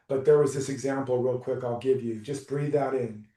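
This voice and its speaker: Mellow-voiced male coach, roomy and distant. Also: medium pitch, fairly even intonation. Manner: soft, reassuring, unhurried. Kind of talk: live coaching session.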